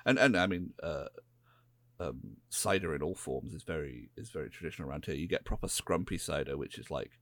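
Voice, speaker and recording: A man's voice: rumbling low, brisk, fairly bright tone, no room sound. A man with an English West Country accent, co-hosting a podcast in laid-back, rambling casual chat. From England. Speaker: podcast co-host.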